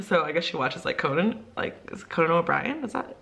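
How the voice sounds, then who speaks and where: A woman's voice: fairly low pitch, fairly quick, hardly any pauses. A young woman, an ESL teacher, chatting casually in a vlog and acting out quotes as she tells stories, with lots of "like" fillers. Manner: animated storyteller, many "like" fillers, acts out quotes.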